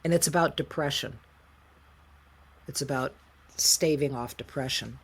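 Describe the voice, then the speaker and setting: A middle-aged woman from the United States, a singer-songwriter telling her story as an interview guest in a frank, emotional, animated way. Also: rumbling low, unhurried, husky. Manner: frank, emotional, animated retelling with quoted voices. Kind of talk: candid conversational storytelling.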